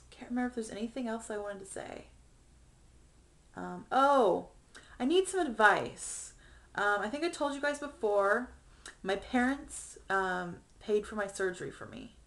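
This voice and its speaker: A woman's voice: mid-range voice, measured pace, fairly bright tone. A young woman talking through a personal video diary in a chatty, earnest way with many ums, getting emotional. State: emotional, near tears. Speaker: vlogger.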